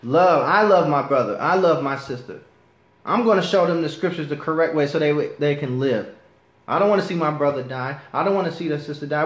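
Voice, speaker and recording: Male preacher, slightly high voice, impassioned sermon delivery, echoey room. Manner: impassioned, rising to righteous anger. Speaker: preacher teaching a class. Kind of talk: sermon with scripture reading.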